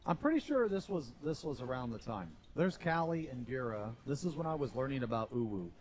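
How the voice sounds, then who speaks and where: A man streamer telling stories in casual live-stream chat, animated and swearing freely. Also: mid-range voice, brisk.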